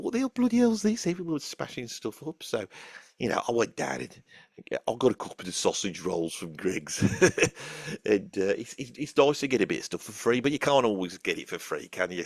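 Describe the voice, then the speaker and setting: A man's voice: low-pitched, no room sound, studio quality. A man playing a rambling, foul-mouthed old rock fan from Birmingham, speaking with a Birmingham accent and repeating himself with chummy asides to his listeners. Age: older. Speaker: channel host in character. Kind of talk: comic character monologue.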